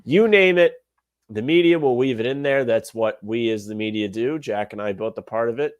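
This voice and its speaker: A man co-hosting a sports podcast, talking in an opinionated, animated rant. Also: mid-range voice, moderate pace, clean tone, dry recording, muffled recording. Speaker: podcast co-host. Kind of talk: casual sports podcast chat.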